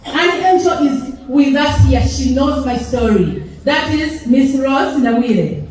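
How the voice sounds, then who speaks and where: A woman's voice: high voice, lively intonation, a little slow, very noisy. A woman with a Ugandan accent telling a personal story to a live audience, acting out the dialogue and laughing through some lines. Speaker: event speaker. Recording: echoey hall, mic from far off.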